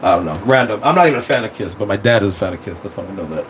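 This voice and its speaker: A man hosting a casual livestream, talking into his phone in a rambling, excitable way with plenty of swearing. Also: lowish voice, rapid-fire, a little hiss or hum, low-quality recording. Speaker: streamer.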